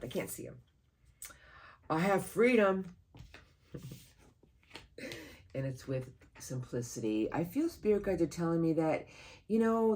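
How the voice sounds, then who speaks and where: Tarot reader, mid-pitched, husky tone; earnest, encouraging monthly reading with lively bursts. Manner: animated, sudden jumps in pitch and loudness, laughs at the cards; earnest, encouraging, talks to spirit guides aloud.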